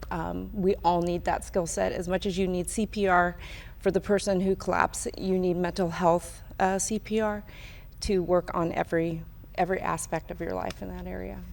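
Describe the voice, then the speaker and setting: A middle-aged woman speaking as a guest at a live town hall, earnest and halting, with many pauses and ums. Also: lowish voice, flat delivery, creaky, darkish tone. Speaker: guest, mother of a survivor.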